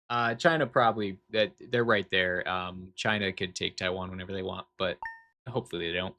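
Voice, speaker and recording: A man's voice: low-pitched, fairly quick, pushed and bright. A man streaming a video game from home, chatting casually and rambling off on tangents while reading chat aloud.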